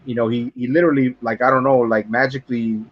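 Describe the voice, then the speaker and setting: A man casually retelling a film scene for a podcast, rambling and profane, stumbling over words and jumping into high voices to act out characters. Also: steady tone, fast talker, highs cut off. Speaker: podcast co-host. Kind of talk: casual film review chat.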